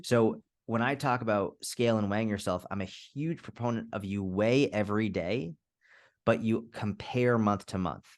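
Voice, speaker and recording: A man being interviewed as a fitness coach, speaking casually and candidly, swearing now and then and acting out little scenarios. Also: fairly low pitch. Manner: candid, swears, quick restarts, acts out scenarios. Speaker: fitness coach, podcast guest.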